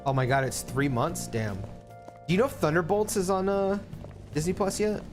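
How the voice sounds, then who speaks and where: A man's voice: a little high, moderate pace. A man from the Philippines chatting casually and profanely while streaming a game, with rambling asides and jokes. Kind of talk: casual live-stream chat over gameplay. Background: game music.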